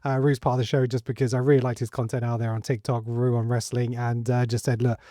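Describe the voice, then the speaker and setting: A man's voice: medium pitch, flat delivery, quick pace, mellow, no echo, clean studio sound. A middle-aged man hosting a podcast, introducing guests in a friendly, easygoing way. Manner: friendly, laughs often. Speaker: podcast host. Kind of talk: casual chat.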